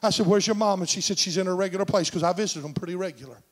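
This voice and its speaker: A middle-aged man preaching a sermon in a church, telling a story and swinging from shouts to hushed tones. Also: sits high, racing, husky. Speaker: senior pastor. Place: church sanctuary.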